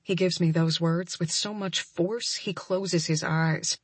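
A young woman reads a romance audiobook in the first person, softly and with feeling, her voice often dropping close to a whisper. Her tone is lowish and husky with a breathy edge. The recording is dry and close, with no room sound. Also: steady tone, takes it slowly, dry recording. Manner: soft, breathy and emotional, often near a whisper.

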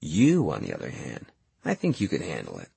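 A man voicing a calm, scheming adolescent boy who speaks slowly and in a hushed, conspiratorial way. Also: extremely low pitch, vocal fry, husky, no echo, voice pushed down, heavily acted.

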